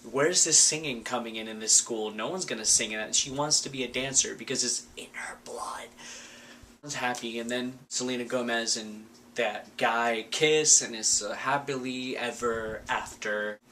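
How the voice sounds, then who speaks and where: A man's voice: medium pitch, fairly even intonation, normal speed, few pauses, pushed and bright, slight background noise. A man giving a casual, sarcastic recap of a movie, full of filler words. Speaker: vlogger.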